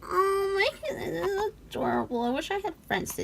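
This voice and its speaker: A young woman vlogger gushing through an unboxing in casual chat, often dropping into soft whispered asides. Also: very high-pitched, lively intonation, normal speed, vocal fry, a little hiss or hum, rough recording.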